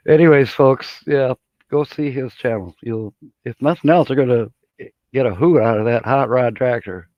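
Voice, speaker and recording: A middle-aged man from Michigan chats on his live stream in a folksy, rambling way and chuckles often between thoughts. His voice sits at an ordinary pitch. The audio is dry and a little dull, like a basic home computer mic. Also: unhurried, long pauses, no echo. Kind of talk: casual live-stream chat.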